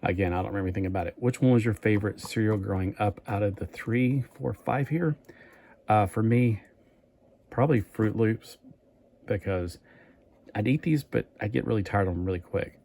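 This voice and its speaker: A man's voice: lowish voice, normal speed, dark tone, slight background noise. A man chatting casually in a toy review vlog, rambling and thinking aloud as he goes.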